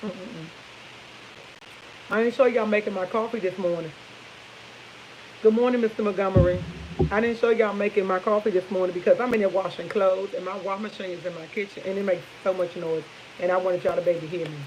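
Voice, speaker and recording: A woman's voice: medium pitch, fast talker, a little hiss or hum, poor audio. A woman, chatting over morning coffee at home, telling stories to her viewers. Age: 50s. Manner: chatty, animated storytelling, addresses viewers as y'all. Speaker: vlogger. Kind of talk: casual morning coffee chat. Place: home kitchen, indoors.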